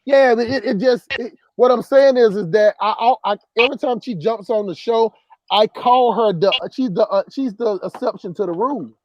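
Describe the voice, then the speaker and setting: A man from the southern US countryside hosts a casual livestream, reading chat comments and telling stories in a loose, repetitive way full of laughter. His voice is high-pitched and his speed normal. There's no room sound, and the high frequencies are cut off.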